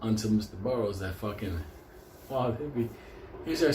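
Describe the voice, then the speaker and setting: A man telling a profane comic story, animated and often laughing. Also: lowish voice, moderate pace, long pauses, a little hiss or hum. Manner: animated, laughing, heavy swearing. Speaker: show host telling a story. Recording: echoey room with faint ambience.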